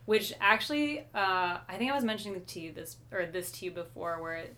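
A woman's voice: fairly low pitch, brisk, fairly bright tone. A woman co-hosting a podcast, chatting casually and easily about a comic book with frequent fillers. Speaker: podcast co-host.

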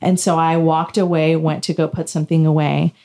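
A woman with a low-pitched voice chats casually as a podcast co-host. She tells personal stories and slips into quoted dialogue as she acts them out. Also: fairly quick. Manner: animated storytelling, acting out quoted dialogue. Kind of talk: casual chat, telling a personal story.

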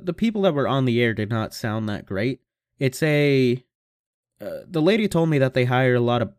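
A man's voice: medium pitch, a little mellow, clear, resonant tone, no echo, clean studio sound. A young man in his late teens hosting a casual solo podcast from a home mic setup, rambling and swearing with self-mocking humor. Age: young adult. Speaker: podcast host. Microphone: home computer microphone.

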